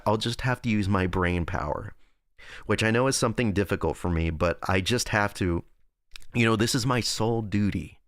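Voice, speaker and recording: A man's voice: low-pitched, no room sound. A young man chatting casually on a livestream from a close desk microphone. He rambles and loses his train of thought, reads chat, and makes fun of himself. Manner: rambling, self-deprecating, reads and answers chat. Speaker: streamer.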